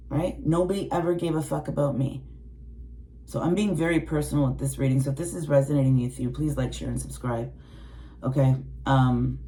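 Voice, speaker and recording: A woman's voice: sits low, steady tone, fairly quick, dark tone, a little hiss or hum. A woman in her late forties, a tarot reader, ranting bluntly and emotionally to her viewers, swearing heavily and mimicking other people's voices. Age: 40s. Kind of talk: personal rant to viewers.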